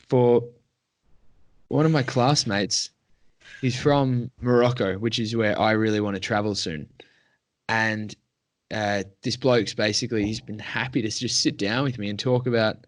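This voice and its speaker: A young man, co-hosting a casual podcast with relaxed, joking banter. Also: mid-range voice. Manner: laid-back, joking banter. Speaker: podcast co-host. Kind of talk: casual chat.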